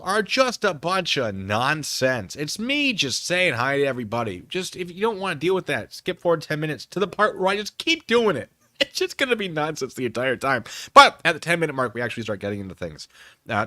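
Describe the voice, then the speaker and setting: A man hosts a casual live stream, rambling and poking fun at himself as he talks fast into his desk microphone. His voice is bright and forceful, with lively swings in pitch, recorded dry and close. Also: no room sound. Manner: rambling, self-deprecating, fast-talking. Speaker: streamer host.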